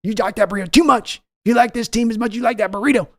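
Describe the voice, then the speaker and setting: A man putting on the voice of a domineering older team owner who yells at and scolds his grown son. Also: sits high, very fast, dry recording, clean studio sound, pitched above the performer's own voice. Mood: scolding.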